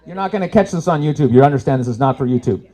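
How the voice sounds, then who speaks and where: Performing a live stand-up set on an event stage, a man swears freely and swings between loud punchlines and low asides. His delivery is expressive and very fast.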